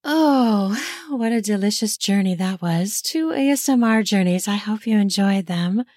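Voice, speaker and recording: A woman's voice: medium pitch, expressive, a little slow, darkish tone, dry recording, clean studio sound. A woman hosting her own podcast, signing off in a casual, effusive and giggly way, talking earnestly to her listeners. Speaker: podcast host.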